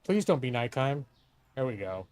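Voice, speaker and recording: This middle-aged streamer has a mid-range, slightly mellow voice whose pitch swings widely, and he talks at a normal speed. His live gameplay commentary is chatty and profane, mixing self-talk with remarks to a co-host.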